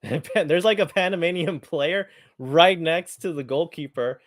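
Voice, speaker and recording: A man with a voice on the high side hosts a live football watchalong, speaking at a measured pace. He reacts eagerly and chats casually, often repeating his phrases, in studio-quality audio with no echo.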